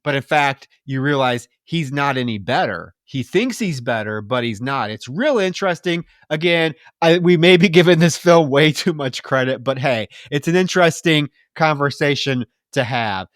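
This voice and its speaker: A man co-hosting a film podcast, recapping the plot in casual chat, animated and profane, laughing often. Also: on the high side, moderate pace, hardly any pauses, no room sound, studio quality. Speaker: podcast co-host.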